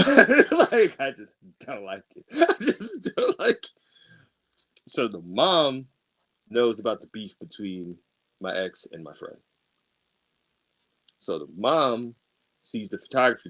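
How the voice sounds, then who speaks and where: A man's voice: mid-range voice, a bit bright. A man co-hosting a podcast, telling a long personal story in casual chat, acting out the arguments and laughing often. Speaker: podcast co-host.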